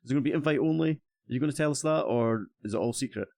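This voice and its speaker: A cheerful Scottish man hosts a relaxed gaming livestream, chatting with guests and tripping over his own words as he restarts his sentences. His voice sits at an ordinary middle pitch for a man. The recording is dry, with no room sound. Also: very fast, vocal fry, dry recording. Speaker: streamer host. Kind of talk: casual stream chat.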